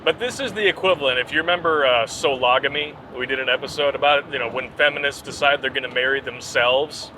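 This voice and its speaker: A man's voice: mid-range voice, fast talker, hardly any pauses, background noise. A man co-hosting a show, mocking a news story in sarcastic banter as he reads it aloud. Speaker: podcast co-host.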